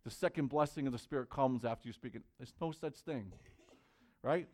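A man's voice: mid-range voice, a little fast. A man preaching a sermon as pastor, earnest and conversational, reading Bible verses aloud to his church.

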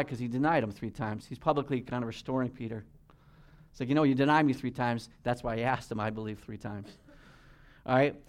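Preaching man with emphatic exhortations. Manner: reads King James scripture in a slower, lower voice. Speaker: pastor. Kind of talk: sermon.

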